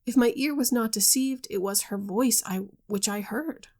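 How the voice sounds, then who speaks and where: A grave, solemn young husband shaken by a voice he heard in the dark, as a woman reads him aloud. He speaks in an earnest, measured way. The voice has a gravelly edge. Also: a little high.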